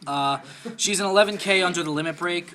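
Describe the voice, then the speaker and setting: A young man giving a casual profile of his card game deck, explaining card rules in a quick offhand way. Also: high-pitched, slight background noise. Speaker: deck presenter. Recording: loud crowd chatter behind.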